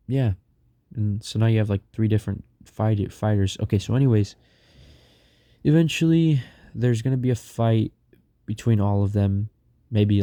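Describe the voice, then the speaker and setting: A young man talks his way through a long story in a loose, rambling way, stacking fillers and restarts. His voice sits low and sounds very dark and mellow. The sound is dry and close, with no room around it. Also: no room sound. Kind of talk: casual storytelling.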